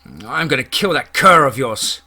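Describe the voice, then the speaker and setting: A man voicing a resentful, aggressive young cousin who snarls and shouts his lines, reading a spoken horror story. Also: mid-range voice, lively intonation, unhurried, full character voice. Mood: threatening.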